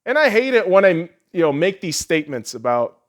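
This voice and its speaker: A man's voice: high-pitched, big pitch swings, fairly quick. A man hosting a podcast, ranting heatedly and sarcastically, swearing often. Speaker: podcast host. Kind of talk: profane solo rant.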